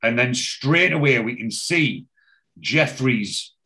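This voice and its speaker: A man's voice: medium pitch, expressive, slow, sharp tone. A man in casual chat, retelling a television episode scene by scene in a rambling way with frequent restarts and swearing.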